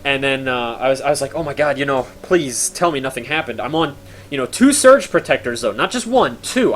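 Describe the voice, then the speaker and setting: A man's voice: medium pitch, a bit bright, a little hiss or hum. A young man telling a story casually to his stream chat, with rambling fillers and mock-horror drama.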